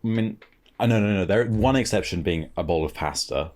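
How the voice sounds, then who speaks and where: A man's voice: on the low side, brisk, a little mellow. A man guesting on a casual podcast, joking around and arguing points in a playful way.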